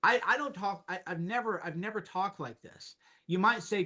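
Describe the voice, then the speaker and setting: A man's voice: high voice, moderate pace, bright, forceful tone. A man as a podcast guest, talking emphatically in casual chat, repeating points with sardonic asides.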